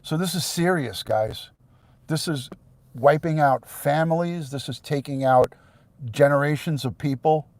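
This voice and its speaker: A middle-aged retired police detective, talking blunt and profane on a live stream, sometimes heated and shouting. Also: male voice, medium pitch, dry recording. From New York. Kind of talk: live stream rant to viewers.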